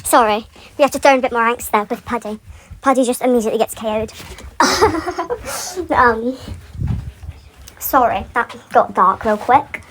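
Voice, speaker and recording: A woman's voice: a little high, measured pace, long pauses, fairly bright tone, slight background noise, poor audio. A woman on a casual, rambling rant about a fan series, full of tangents and frequent laughter. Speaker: fan commentator.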